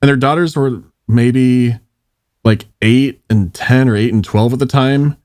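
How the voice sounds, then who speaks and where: A man in casual podcast chat, telling stories in an animated way, laughing and swearing as he acts out what people said. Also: mid-range voice, a little slow, no echo, studio quality. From Charlotte, North Carolina, US.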